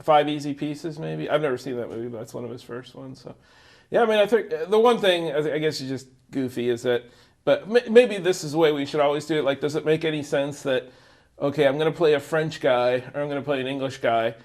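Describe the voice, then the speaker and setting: A man's voice: on the high side, quick pace, darkish tone. A man co-hosting a casual movie review show, jokey and rambling, laughing often between comments. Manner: does mock voices when joking.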